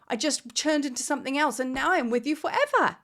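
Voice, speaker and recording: A woman quoting a gentle female oak tree spirit in a soft, reassuring way, a little higher than her own voice. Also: animated, a little fast.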